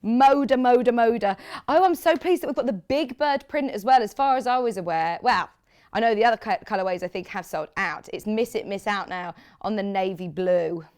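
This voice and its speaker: A woman's voice: medium pitch, a little fast, a little mellow. A woman presenting fabrics on live shopping television, chatty and gushing, reading out viewer comments as she talks. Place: TV studio.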